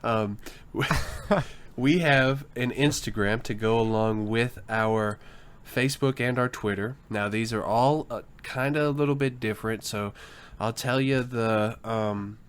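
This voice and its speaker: A man's voice: mid-range voice, unhurried, smooth. A man co-hosting a podcast, explaining things in a casual, hesitant way with many fillers. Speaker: podcast co-host. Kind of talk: casual chat.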